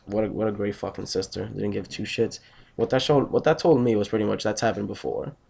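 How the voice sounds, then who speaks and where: Low gravelly young man, rambling. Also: brisk, darkish tone. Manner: rambling, profane, blunt. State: just woken up, tired. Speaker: vlogger. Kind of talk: casual storytelling vlog.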